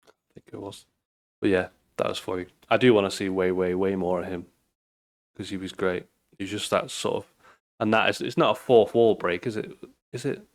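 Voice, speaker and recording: British male reaction host, low-pitched, stuffy-nosed, rambling and easygoing. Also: steady tone, normal speed, pauses often. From Britain. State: blocked nose. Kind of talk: casual chat.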